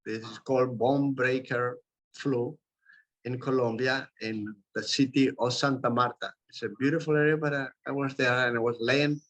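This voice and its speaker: A man's voice: medium pitch, rough recording. A man from South America, presenting a talk, tells a personal story in a loose, rambling way with restarts and asides. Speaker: presenter of a medical talk series.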